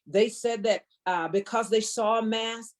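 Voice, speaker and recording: A woman's voice: a little high, measured pace. A middle-aged woman sharing a fervent personal testimony as a guest, preacher-like and emphatic, repeating phrases for weight. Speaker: guest speaker.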